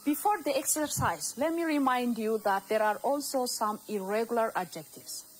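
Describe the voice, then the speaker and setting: A woman's voice: fairly high pitch, moderate pace, rough recording. A woman from Ethiopia teaching a recorded grammar lesson, repeating words and asking the class questions as she goes.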